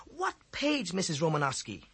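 A man with a husky voice putting on a high, eager schoolboy who stalls and makes excuses in class. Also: sing-song, bright, forceful tone, heavily acted. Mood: bewildered. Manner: high, drawn-out, wheedling boy voice. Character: excitable schoolboy, eager and scattered.

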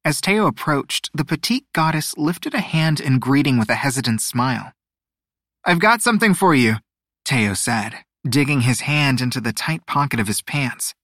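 Male audiobook narrator with a mid-pitched voice, measured and expressive, recorded dry. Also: dry recording. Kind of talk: scripted storybook narration.

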